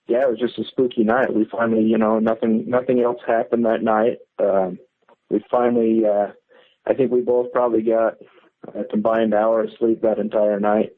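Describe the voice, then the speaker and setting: A man with a fairly low voice tells his story over a tinny phone line. He rambles, restarting sentences and leaning on fillers as he goes. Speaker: caller. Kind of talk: casual storytelling on a call-in show.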